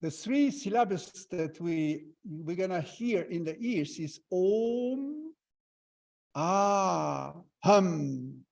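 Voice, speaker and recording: High-voiced guy leading a slow breathing practice, calm step by step cues, takes his time. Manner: slow, calm step-by-step guidance with non-native phrasing. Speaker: breathwork and meditation teacher. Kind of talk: guided breathing exercise instruction.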